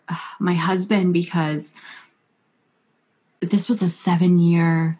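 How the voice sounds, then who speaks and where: A woman hosting a podcast, effusive and gushing, often laughing and saying "like". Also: on the low side. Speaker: podcast host. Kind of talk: intimate podcast conversation.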